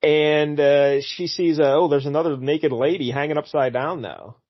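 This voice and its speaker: A man's voice: on the high side, moderate pace, no echo, lo-fi sound. Chatty man retelling a comic story. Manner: retells the story, briefly acting out lines. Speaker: podcast co-host. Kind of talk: casual comic book chat.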